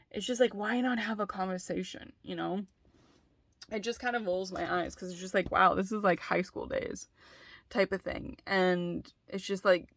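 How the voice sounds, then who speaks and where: A woman's voice: lowish voice, no echo. A woman vlogging candidly, talking in a rambling, frank way with lots of fillers and swearing. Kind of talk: candid personal vlog.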